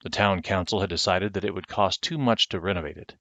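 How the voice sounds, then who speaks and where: Deep-voiced man reading a bedtime story. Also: a bit bright, dry recording. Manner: measured storytelling, slowing for effect. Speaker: father reading to his children. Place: home. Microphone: webcam. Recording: dull lo-fi webcam sound, dry.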